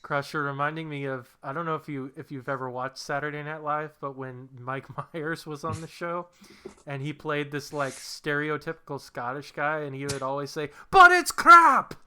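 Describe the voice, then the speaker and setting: A man co-hosting a relaxed podcast, agreeing easily and chuckling along with the others. His voice is very bright and crisply clear. It sits a little above the usual male pitch. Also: normal speed. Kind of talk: casual podcast chat.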